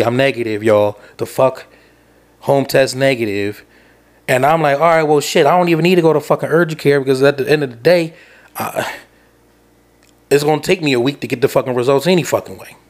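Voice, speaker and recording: A man hosting a podcast, telling a rambling, profane story. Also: on the low side. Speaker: podcast host. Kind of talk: casual rant.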